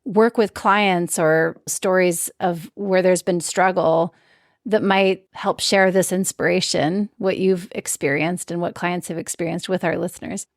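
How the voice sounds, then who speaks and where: A woman host slowly asking her guest a question. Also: lowish voice, steady tone, dry recording, studio quality. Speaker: podcast host. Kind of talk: interview question.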